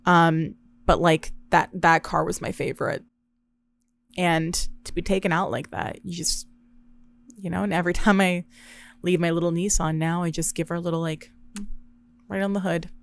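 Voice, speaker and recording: A young woman hosting a podcast, telling a story in an animated, sarcastic way with quick asides. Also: on the low side, gravelly. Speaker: podcast host. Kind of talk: casual storytelling monologue.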